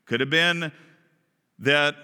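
A man preaching a sermon as pastor, animated and often asking his listeners questions. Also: on the high side, slow, smooth, in a large hall. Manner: animated, asks the congregation questions.

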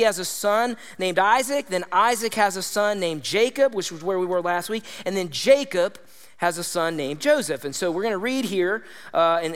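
Man, pastor, high voice, sermon, energetic, conversational, echoing hall. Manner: energetic, conversational, with tag questions like "all right?". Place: church hall.

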